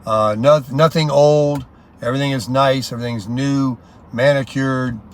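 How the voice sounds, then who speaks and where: A man's voice: medium pitch, steady tone, normal speed. A man talking in a casual, rambling, folksy vlog style. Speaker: vlogger.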